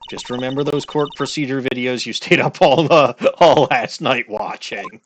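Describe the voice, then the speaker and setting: A man's voice: medium pitch, moderate pace, hardly any pauses, slight background noise. A man with a Midwestern accent giving joking, rambling commentary over a courtroom game. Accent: Midwestern American. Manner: rambling, joking, self-interrupting. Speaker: let's play host. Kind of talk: casual gameplay commentary.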